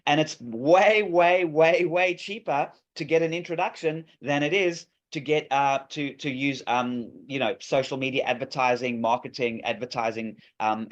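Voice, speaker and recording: A man presenting an app demo on a video call, enthusiastic and salesy, with many fillers and restarts. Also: on the high side. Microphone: video call microphone. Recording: dull lo-fi call audio.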